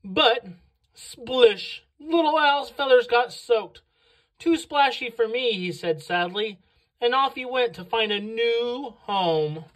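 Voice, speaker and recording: Slow, expressive woman reading to children. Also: fairly high pitch, poor audio. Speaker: children's book reader. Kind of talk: read-aloud storytelling for children.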